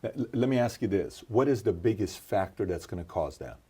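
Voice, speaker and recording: Low mellow male interviewer. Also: expressive, brisk, breathy edge. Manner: agreeable, rambling questions.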